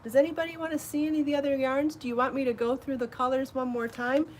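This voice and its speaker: A woman's voice: high-pitched, little pitch movement, fast talker, a little mellow, a little hiss or hum. Breathless, chatty woman host. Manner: chatty and enthusiastic, laughs at herself. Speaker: podcast host showing her yarn designs. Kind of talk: casual live show chat.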